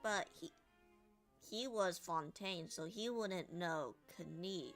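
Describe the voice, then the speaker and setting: A woman's voice: on the low side, takes it slowly, a bit bright, faint music behind. A woman streaming a game, giggly and rambling as she comments.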